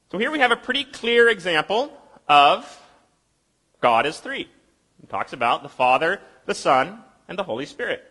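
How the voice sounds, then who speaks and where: A man preaching a sermon in a conversational, explaining way, asking rhetorical questions and reading scripture aloud slowly. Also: sits high, pushed and bright, slightly rough. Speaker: pastor.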